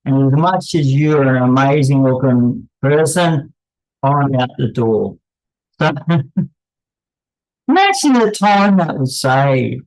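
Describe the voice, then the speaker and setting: A man's voice: mid-range voice, expressive, takes it slowly, pauses often, darkish tone, poor audio. A man hosting an unscripted commentary, candid and blunt, rambling off on tangents as he talks. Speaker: channel host.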